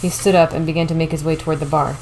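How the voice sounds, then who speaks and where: A woman reading a novel aloud as audiobook narration, steady and measured. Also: sits low, a little hiss or hum, low-quality recording. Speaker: audiobook reader.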